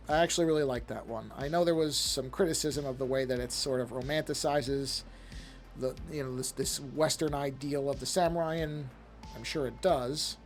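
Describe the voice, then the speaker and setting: A man with a medium-pitched, steady voice streams live while drawing, speaking at normal speed over soft background music. He chats casually, rambles from thought to thought, talks to himself as he works, and gets easily sidetracked.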